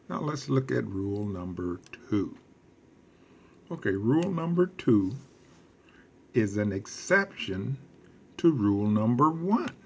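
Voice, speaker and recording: A man teaching a recorded lesson, speaking slowly, quizzing his class and repeating key phrases for emphasis. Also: on the low side, slight background noise. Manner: slow and deliberate, quizzing the class. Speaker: Spanish teacher.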